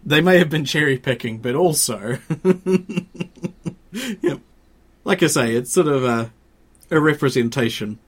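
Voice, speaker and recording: A man's voice: mid-range voice, lively intonation, measured pace, breathy edge. A man co-hosting a casual podcast chat, laughing often and rambling with fillers. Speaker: podcast co-host.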